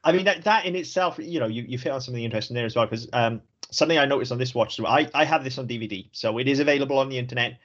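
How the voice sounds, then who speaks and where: A man's voice: medium pitch, racing, few pauses, fairly bright tone. A Welsh man co-hosting a podcast, talking frankly with a lot of swearing and easy laughter. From Wales. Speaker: podcast co-host. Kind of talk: casual podcast chat. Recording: slightly dull lo-fi audio.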